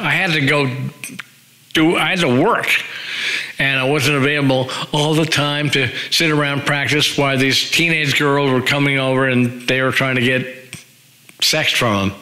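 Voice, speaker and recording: Wry, rambling man in his sixties, bright voice. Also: medium pitch, rough recording. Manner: rambling, wry, acts out other people's lines in raised voices. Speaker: former rock band singer. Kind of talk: casual anecdotal storytelling.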